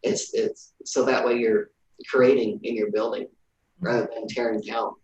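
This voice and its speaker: A man's voice: lowish voice, level tone, moderate pace, a little mellow, highs cut off, slight background noise. Reflective man, echoey and far off. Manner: reflective, stammers on repeated words. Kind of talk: casual panel discussion.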